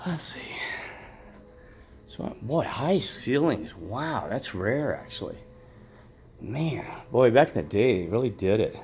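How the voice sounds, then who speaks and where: A man's voice: medium pitch, sing-song, slow, long pauses, a little mellow, a little hiss or hum. A man exploring an old hotel, musing to himself as he walks, and at times calling out firmly to a spirit. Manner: calls out commandingly to a spirit. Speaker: paranormal investigator vlogger. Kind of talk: rambling walk-through commentary.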